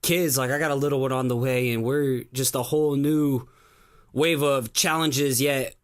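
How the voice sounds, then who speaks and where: A man's voice: medium pitch, fairly even intonation, moderate pace. A man hosting a podcast who asks questions in an easygoing, conversational way. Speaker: podcast host. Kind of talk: casual interview chat.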